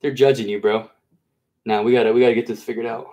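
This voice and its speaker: Mellow and steady, this man's medium-pitched voice runs fast as he chats with his live stream viewers. He's chill and slangy, tossing out bro and dude, though handling a big snake makes him nervous and coaxing.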